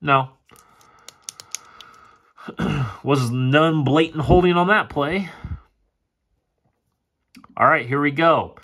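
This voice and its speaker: A man's voice: a little high, drawn-out words, pauses often, fairly bright tone. A man casually breaking down football game film, frustrated and sarcastic and swearing often. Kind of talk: casual play-by-play film commentary.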